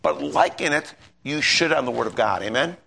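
A man's voice: on the high side, animated, normal speed, gravelly, pushed and bright, slight background noise. A man preaching an informal sermon, telling stories in a rambling, folksy way and often asking listeners for agreement. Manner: rambling, folksy, repeats himself and asks the audience for agreement.

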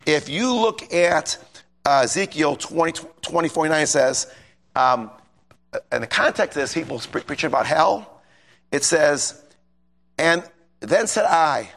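A man's voice: on the high side, vocal fry, pushed and bright. A man preaching an informal sermon, telling stories in a rambling, folksy way and often asking listeners for agreement. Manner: rambling, folksy, repeats himself and asks the audience for agreement.

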